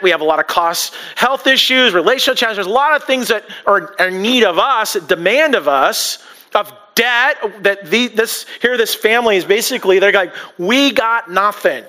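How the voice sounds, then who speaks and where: Bright-voiced man preaching. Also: sits high, clean tone. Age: adult, married. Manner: conversational and joking, with frequent restarts. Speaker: pastor. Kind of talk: sermon.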